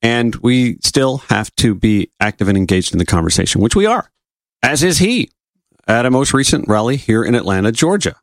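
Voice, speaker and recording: A man's voice: medium pitch, moderate pace, no echo. A man hosting a political talk radio show, reading news quotes and adding his own commentary with rhetorical questions. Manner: animated, asks rhetorical questions.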